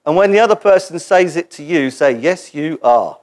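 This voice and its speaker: Man, preacher, sermon, high voice, animated, playful, call-and-response with congregation. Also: normal speed. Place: church gathering before a congregation.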